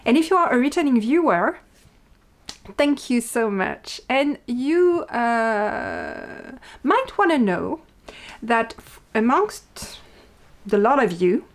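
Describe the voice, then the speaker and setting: A French woman with a French accent, hosting her own podcast in casual chat and talking quickly with many fillers. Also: a little high, big pitch swings. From France. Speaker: podcast host and indie yarn dyer.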